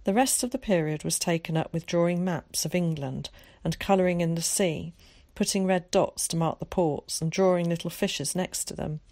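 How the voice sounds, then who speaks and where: A woman narrates a children's storybook in a steady, measured reading voice that sits on the lower side. She shifts into character voices when people speak. The recording is close and dry, with no room sound. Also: no echo. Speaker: audiobook narrator.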